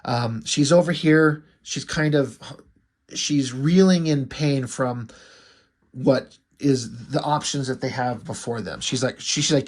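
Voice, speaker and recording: A man's voice: medium pitch, takes it slowly. A middle-aged man giving rambling, hesitant commentary on a comic book, casual and full of fillers.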